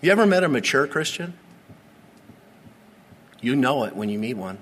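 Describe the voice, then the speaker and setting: A pastor with a mid-range, fairly bright, slightly rough voice preaches a sermon in a church sanctuary, very animated yet earnest, using dramatic slow pauses and repetition. The recording carries the long reverb of a large church hall.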